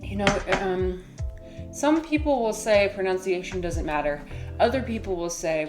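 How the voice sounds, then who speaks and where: A woman's voice: mid-range voice, animated, normal speed, darkish tone. A woman streamer chatting casually on a livestream and reading chat aloud, rambling and giggling, with music playing behind her.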